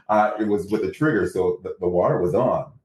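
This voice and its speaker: Speaking at a moderate pace in a low voice, a man guesting in a casual interview brings his story to life by acting out other people's lines. The audio is low-quality with a roomy sound.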